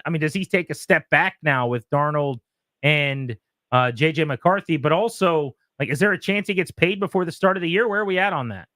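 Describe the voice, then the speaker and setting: Brisk sports radio host, dry studio sound. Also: male voice, fairly high pitch, fairly bright tone, no room sound. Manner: brisk, conversational questions.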